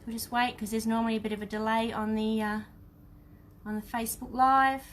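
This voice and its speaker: A woman's voice: a little high, little pitch movement, brisk. A woman with an Australian accent giving a chatty live-streamed painting demonstration, talking to her viewers as she works. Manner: chatty, talks to viewers while working. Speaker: craft teacher.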